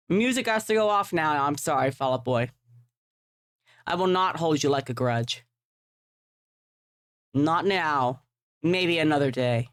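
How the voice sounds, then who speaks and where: A woman's voice: sits low, lively intonation, measured pace, long pauses, no room sound, clean studio sound. Rambling, chatty woman streamer. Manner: rambling, chatty, self-deprecating, swears casually. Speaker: livestreamer. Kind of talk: casual live-stream chat while gaming.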